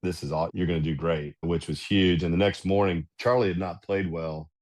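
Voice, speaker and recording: A middle-aged man, a golf club director and podcast guest, telling anecdotes in casual, animated fashion. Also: sits low, moderate pace. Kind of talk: casual storytelling.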